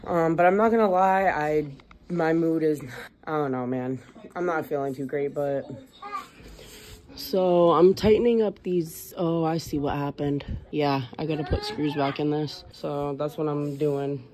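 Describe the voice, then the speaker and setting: A young mother talks straight to her phone camera at home, filming a loose day-in-the-life vlog. Her voice sits a touch low for a woman, and she keeps the chat easy and rambling, calling her viewers "guys" over and over. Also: unhurried, darkish tone. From United States. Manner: chatty, often says "guys". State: low, emotional, near tears. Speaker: vlogger, single mother. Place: apartment at home, indoors.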